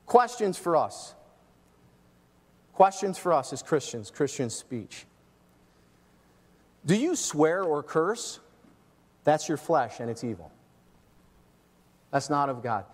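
A middle-aged man preaching a sermon as pastor, emphatic, swinging between loud and soft. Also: fairly high pitch, big pitch swings, slow pace, long pauses, in a large hall. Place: church.

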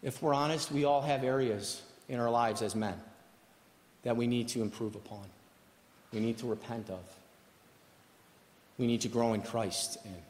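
A man's voice: mid-range voice, normal speed, long pauses, darkish tone. A man preaching a sermon as pastor, emphatic and repeating his key phrases. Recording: echoey hall reverb.

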